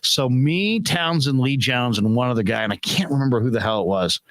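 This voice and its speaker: A man's voice: mid-range voice, fairly quick, dry recording. A middle-aged man hosting a sports show, telling stories casually, laughing and swearing as he goes. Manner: animated storyteller, laughs, swears freely. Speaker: sports talk host. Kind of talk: casual chat, storytelling.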